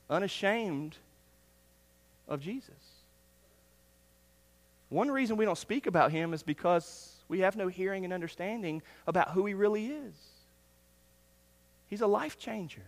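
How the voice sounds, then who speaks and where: Pastor preaching in a reverberant hall. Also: male voice, high voice. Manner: earnest, swings from loud emphasis to hushed near-whisper. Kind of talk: sermon. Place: church sanctuary. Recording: long reverb of a church hall.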